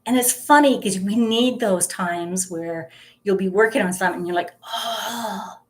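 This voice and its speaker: A woman's voice: mid-range voice, moderate pace. A woman in her fifties chatting casually to the camera, telling stories with giggles and lots of fillers. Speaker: vlogger. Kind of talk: casual chat.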